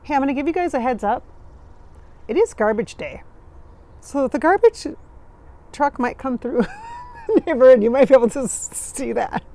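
A woman's voice: sits high, wildly swooping pitch, moderate pace, long pauses, mellow. A woman from Minnesota, channeling in a chatty way with dry sarcastic humor, recorded outdoors at sunrise. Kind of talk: casual spiritual channeling talk.

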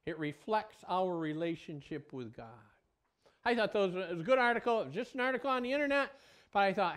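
A man preaching a sermon as a pastor. He swings between loud exclamations and a hushed, low voice. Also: expressive, a little fast, clean tone.

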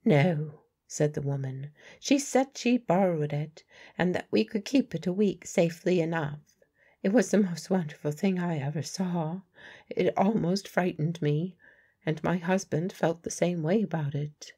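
A woman's voice: fairly low pitch, a little slow, warm tone, breathy edge. A woman narrator voicing a guarded, blunt working-class woman medium in an audiobook.

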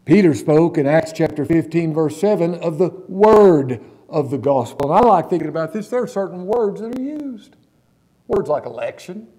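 A male pastor preaching a sermon in a church, stressing key words slowly and putting questions to the congregation. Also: high voice, dark tone.

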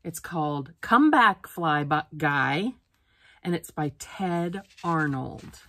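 A woman teacher reads a children's picture book aloud, stopping to sound out words letter by letter. She speaks very slowly, in a lowish voice. The sound is dry and close. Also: lively intonation, bright, forceful tone, dry recording. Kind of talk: reading a picture book aloud for a phonics lesson.

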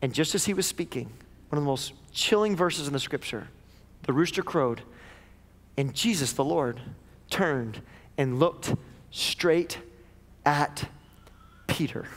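High-voiced pastor preaching dramatically. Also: male voice, a little slow, long pauses. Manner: dramatic, swings from hushed to loud. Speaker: lead pastor. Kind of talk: sermon. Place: church auditorium. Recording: echoey church hall.

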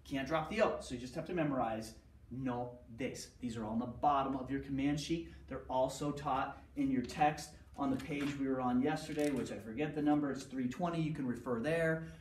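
A man's voice: mid-range voice, a little fast, slight background noise. A man teaching a Spanish grammar lesson, drilling rules with repeated steps and rhetorical questions. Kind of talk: recorded class lecture. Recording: echoey room, mic at a distance.

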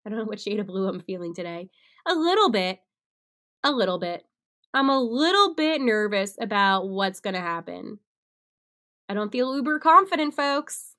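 A young woman hosts a solo sports podcast with a bright, sharp edge to her voice. She talks in an animated, excitable way and often laughs at herself. Her pitch sits in a middle range for a woman. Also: moderate pace. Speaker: podcast host.

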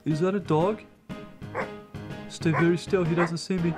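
A man voicing a nervous, chatty talking hedgehog in a low-budget family film who keeps talking to himself. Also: fairly even intonation, a little slow, close to an everyday voice. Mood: panicked. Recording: movie clip with music behind.

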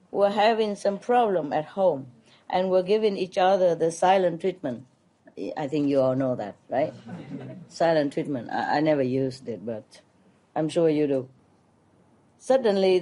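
Slow-spoken woman teacher telling jokes. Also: lowish voice, dark tone. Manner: playful, chuckling, checks in with listeners. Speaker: spiritual teacher at a retreat. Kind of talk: telling jokes to a retreat group.

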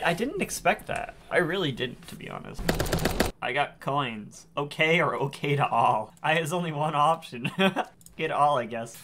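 A man's voice: mid-range voice, creaky, fairly bright tone. A young man giving casual, rambling gameplay commentary, joking at himself as he plays. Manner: rambling, self-mocking, talks to himself while playing. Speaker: gaming YouTuber. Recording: faint noise and keyboard clicks behind.

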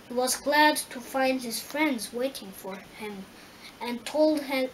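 High-voiced woman reading slowly. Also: slight background noise, poor audio. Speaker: audiobook reader. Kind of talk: storybook narration.

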